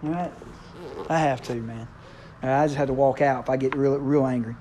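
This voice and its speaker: In a conversational sermon, a man playfully performs the characters' lines in quick voices. His voice is medium-pitched, steady, and dark in tone, with slight background noise in the recording.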